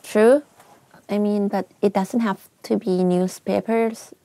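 A woman's voice: mid-range voice, steady tone, slow pace, warm tone, dry recording. Chatty Thai-accented woman teaching. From Thailand. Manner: chatty, giggly, switches between Thai and English. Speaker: language lesson host. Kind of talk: casual teaching vlog.

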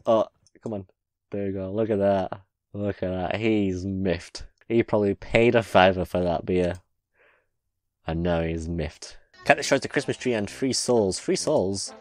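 A man's voice: low-pitched, a little slow. A man hosting a reaction video, commenting casually on clips, laughing often and swearing freely.

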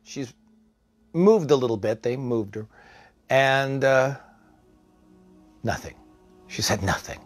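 Halting, chatty male storyteller. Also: mid-range voice, expressive, faint music behind. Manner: conversational, halting with fillers and restarts. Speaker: storyteller, former psych care worker. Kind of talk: personal anecdote told aloud.

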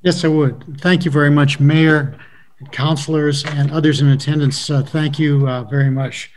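A man who is a company president, giving a polite, formal and slightly halting presentation to a city council over a video call. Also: fairly high pitch, steady tone, a little hiss or hum, rough recording.

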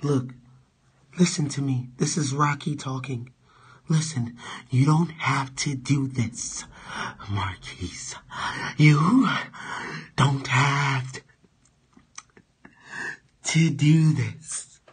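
Dude doing a quiet nervous guy begging to be left alone, slow and husky. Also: mid-range voice, exaggerated voice. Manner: quiet, hushed pleading. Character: hushed pleading adult man, soft and nervous.

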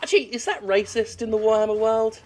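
A man giving sweary, joking let's-play commentary while he plays a game, with excitable outbursts. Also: sits high, fast. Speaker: games critic playing a game.

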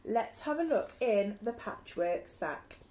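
A woman voicing a calm, unflappable boy captain in a storybook, speaking in a breezy, reassuring way. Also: mid-range voice, slow pace, slight background noise.

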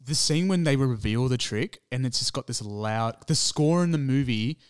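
Aussie guy on a movie podcast, rambles and restarts, mid-pitched. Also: expressive, normal speed, clear, resonant tone. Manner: rambling, restarts, laughs at himself. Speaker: podcast co-host. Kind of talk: casual movie review chat.

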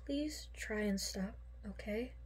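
A woman doing a soft, worried teen boyfriend. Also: high voice, a little slow, slightly rough, full character voice. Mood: nervous. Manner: soft, hushed and hesitant. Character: gentle, worried teen boy, caring boyfriend.

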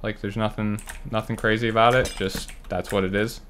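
Excitable man narrating his gameplay. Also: lowish voice, fairly quick, slight background noise. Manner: excitable, swings between muttering and loud frustrated outbursts; talks to himself while playing. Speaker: gaming channel host. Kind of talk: live gameplay commentary.

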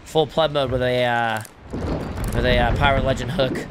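A man streaming a video game, chatting casually with viewers and crew, relaxed and joking with plenty of swearing. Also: mid-range voice, moderate pace, heavy background noise. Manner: laid-back, swearing, joking banter. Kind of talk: casual live-stream chat.

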